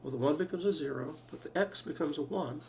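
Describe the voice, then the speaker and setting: Recorded by a distant mic in a roomy space with a faint hum, a man delivers a math lecture. His voice is a little high yet darkish in tone, fast, with vocal fry, as he thinks aloud, restarts phrases, and asks rhetorical questions.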